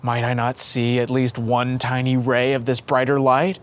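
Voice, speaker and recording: A man's voice: medium pitch, monotone, moderate pace, natural voice. A man voicing an elderly priest who asks hesitant, wondering questions in awe. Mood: awed.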